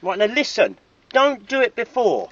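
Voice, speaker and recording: Man, high lively voice, stern and fed up, far from the camera. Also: moderate pace. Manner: stern, exasperated, yelps when shocked. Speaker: father fixing a car. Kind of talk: home video banter. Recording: distant, dull home recording.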